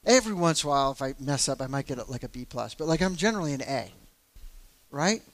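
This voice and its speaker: A man's voice: medium pitch, expressive, fast, dry recording. A middle-aged man and church elder telling a personal story in casual talk, candid and self-deprecating, with many fillers.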